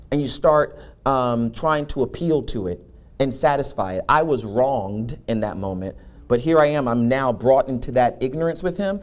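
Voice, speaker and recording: A man and professor giving a motivational talk, telling a humorous story and acting out the dialogue. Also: mid-range voice. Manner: animated, humorous, acts out dialogue. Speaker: keynote speaker and professor.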